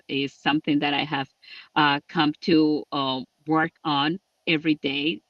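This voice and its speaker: A man giving an earnest public address on a livestream, halting with fillers. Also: on the high side, a bit bright, no echo, recorded from a distance, muffled recording. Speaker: lieutenant governor.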